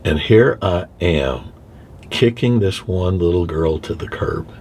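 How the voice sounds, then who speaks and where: A veterinarian telling a heartfelt personal story from inside his car, halting and restarting as he speaks. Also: low-pitched, expressive, a little mellow. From Texas. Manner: halting, with many restarts and repeated words. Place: inside a car, window open.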